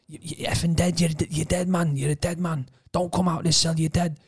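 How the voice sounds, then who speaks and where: A man's voice: fairly high pitch, flat delivery, fairly quick, slightly rough, voice pushed up. A man voicing a male prison inmate who taunts and threatens someone through a cell door, repeating his threats. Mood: menacing.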